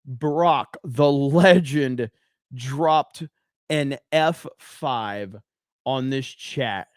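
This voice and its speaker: A man hosting a casual livestream show, excitedly greeting and hyping up his viewers. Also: mid-range voice, drawn-out words, clean tone, no echo, studio quality. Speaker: podcast host.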